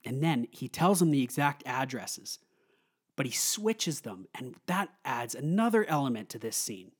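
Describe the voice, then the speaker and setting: A man giving a casual, excited film review, rambling with lots of fillers. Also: mid-range voice, a little slow, husky.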